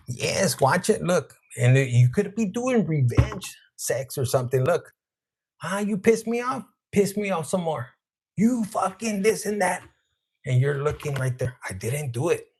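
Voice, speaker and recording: A man's voice: a little high, gravelly, a little hiss or hum. A man hosting a live tarot reading in a crude, joking, chatty way, talking to his viewers and dropping in Spanish words. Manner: talks to live chat viewers. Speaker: tarot reader, live-stream host.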